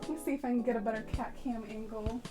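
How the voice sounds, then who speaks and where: High-voiced young woman cooing at her cat. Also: fairly even intonation, fast talker. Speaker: streamer. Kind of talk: casual livestream chat. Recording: music playing behind.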